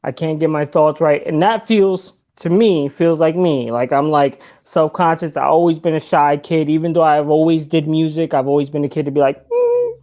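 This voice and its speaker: A man's voice: fairly high pitch, steady tone, normal speed, few pauses, darkish tone, muffled recording. A man hosting a live podcast, talking loosely with frequent swearing and stumbling over his words. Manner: loose, swears often, self-consciously stumbling. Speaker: podcast host. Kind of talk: casual live-stream podcast chat.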